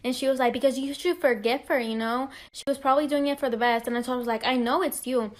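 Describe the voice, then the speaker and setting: A woman's voice: high voice, quick pace. A woman telling a personal story casually, acting out the dialogue with animation. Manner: animated, acts out quoted dialogue.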